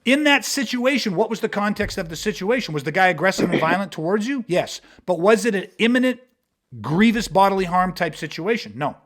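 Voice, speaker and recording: Male instructor, higher pitch, blunt and profane, podcast chat. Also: lively intonation, fairly quick, fairly bright tone. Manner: blunt, profane, emphatic, uses hypothetical street scenarios. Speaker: martial arts instructor. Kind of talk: podcast conversation.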